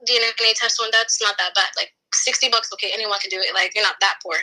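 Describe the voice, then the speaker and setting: A woman's voice: mid-range voice, quick pace, low-quality recording. An American woman calling in to a chat show, telling stories with lots of "I was like" and swearing. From United States. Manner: animated storytelling, heavy "I was like" and swearing. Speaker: caller. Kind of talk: casual call-in chat.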